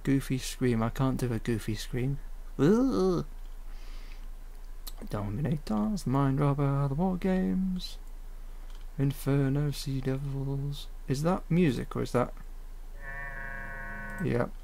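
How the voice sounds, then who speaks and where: Slow-paced, with vocal fry and a dark tone in a mid-range voice, an animator rambles with frequent fillers while editing his own fan series. He's at a home computer, giving casual commentary on the edit.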